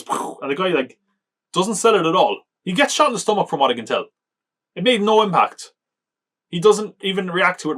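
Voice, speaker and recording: A man's voice: medium pitch, fairly bright tone. A man hosting a podcast, casually reviewing a film in a loose, joking way with lots of filler words and chuckles. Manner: chatty, lots of "like", chuckles often, mocking. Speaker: podcast host reviewing films.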